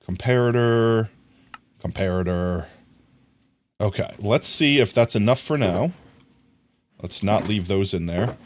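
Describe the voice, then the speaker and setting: A man's voice: on the low side, animated, slow, long pauses, a little mellow, a little hiss or hum. A young man streaming live, chatting casually and jokily, muttering to himself as he plays and teasing his chat. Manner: rambling, jokey, mutters to himself while crafting; teases and scolds chat playfully. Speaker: livestreamer.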